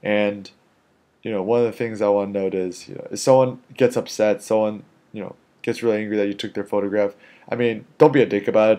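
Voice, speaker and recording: A man's voice: fairly low pitch, steady tone, fast, mellow. A man who is a street photographer, telling a casual story in a rambling way, full of "you know". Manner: rambling, filler-heavy with frequent "you know".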